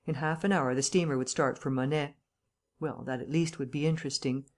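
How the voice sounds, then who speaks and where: A woman narrating an audiobook in a measured, even storytelling manner. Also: deep voice.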